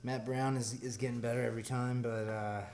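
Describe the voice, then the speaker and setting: A young man with a Southern US accent, chatting as an interview guest in a relaxed, rambling way. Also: mid-range voice, a little fast, a little hiss or hum. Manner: laid-back, rambling with fillers. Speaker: guest fighter. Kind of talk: casual interview chat.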